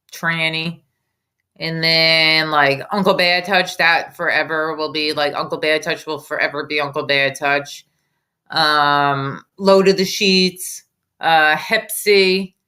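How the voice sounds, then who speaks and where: A woman's voice: low-pitched, bright, forceful tone. A woman hosting reaction commentary over a clip, mocking and combative in tone. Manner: mocking, sarcastic, combative ranting. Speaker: commentary host.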